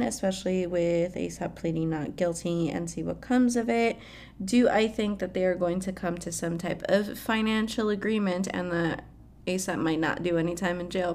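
A woman's voice: lowish voice, darkish tone. A young woman hosting a casual pop culture chat, swearing freely and laughing often. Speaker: pop culture podcast host. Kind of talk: casual celebrity news chat.

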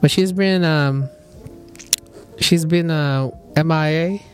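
A man's voice: on the high side, slow pace, soft background music. A young man hosting a podcast, animatedly telling a dream story with laughs, casual chat among friends. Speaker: podcast host.

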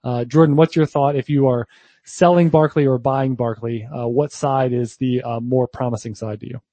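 A man's voice: mid-range voice, steady tone, moderate pace, warm tone, no echo. A man co-hosting a fantasy football show, chatting casually with lots of fillers and restarts. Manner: talkative, frequent fillers and restarts. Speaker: podcast co-host.

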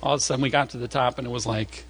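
A man preaching a sermon through an animated personal story, acting out voices along the way, chatty and full of fillers and restarts. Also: medium pitch, racing. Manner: animated, acts out voices in stories. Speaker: pastor.

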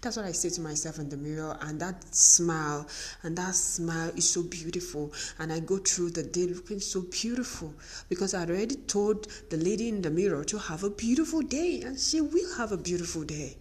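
A woman's voice: lowish voice, fairly quick. A middle-aged woman with a Nigerian accent gives a motivational talk to women as a podcast host, telling stories and acting out bits of dialogue. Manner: animated storytelling, acting out dialogue.

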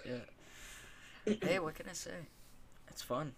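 A man's voice: a little high, slow pace, a bit bright. Young male podcast host, loose and joking, noisy home recording. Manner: rambling, joking, with frequent fillers. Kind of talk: casual chat.

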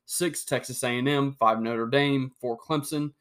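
A young man hosting a sports talk podcast, reading out rankings and ranting heatedly with sudden jumps in loudness. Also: mid-range voice, steady tone, measured pace, clean tone. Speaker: podcast host.

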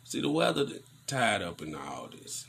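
A man giving casual news commentary on a vlog, preaching in animated rants full of slang. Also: on the low side, a little slow, creaky, slightly rough.

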